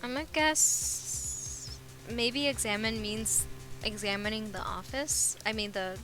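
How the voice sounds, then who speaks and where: A woman's voice: a little high, slow, over music, rough recording. A woman streamer chatting casually and giggling while she plays a video game. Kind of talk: casual game livestream chat.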